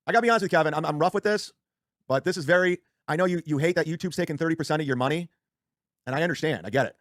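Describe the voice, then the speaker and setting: A man on a livestream talks fast in a slightly high voice. He rambles and swears, restarting sentences as he goes. The sound is dry and close. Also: dry recording. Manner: rambling, profane, self-interrupting. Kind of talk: casual livestream rant.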